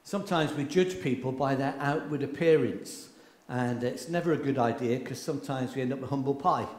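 A man's voice: mid-range voice, brisk. Impassioned preacher, man, echoey hall. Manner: impassioned, swings between loud and hushed. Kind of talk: sermon. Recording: echoey hall with long reverb.

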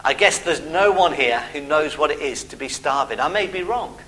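A middle-aged man delivers a sermon in a fairly high, bright voice. He preaches expressively, stressing key words, pausing for effect and dropping in personal asides. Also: lively intonation, poor audio. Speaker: pastor.

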